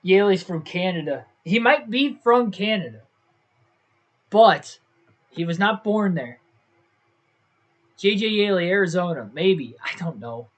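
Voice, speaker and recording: A man's voice: high voice, animated, unhurried, pauses often, lo-fi sound. A young man casually commentating his own livestream, thinking aloud and second-guessing himself as he talks to his viewers. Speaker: gaming livestreamer.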